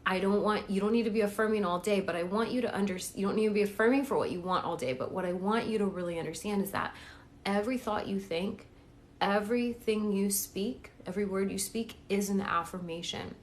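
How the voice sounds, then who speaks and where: This is a woman talking straight to her viewers on a phone live stream at home, in a chatty, encouraging coaching manner. Her pitch sits in an ordinary middle range, and a faint hum of room noise runs underneath. She keeps checking in with her audience as she goes. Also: a little fast. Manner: chatty, encouraging, repeats "okay?" and "right?". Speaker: manifestation coach. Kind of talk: casual live-stream talk.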